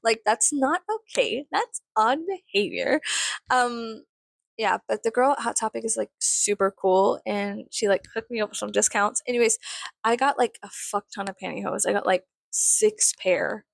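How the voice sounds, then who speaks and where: A woman vlogging casually while doing her makeup, rambling and swearing, sometimes dropping to a soft whisper. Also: on the high side, normal speed, gravelly.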